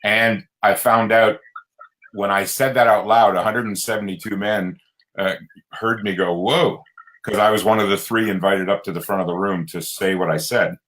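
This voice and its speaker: A middle-aged man with a fairly low voice tells his own story as a guest. He talks earnestly and with a lot of life, and his pitch leaps up high whenever he stresses a point. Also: moderate pace, low-quality recording. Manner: earnest, animated, pitch jumps high for emphasis. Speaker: guest, coach and speaker. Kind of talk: candid personal storytelling.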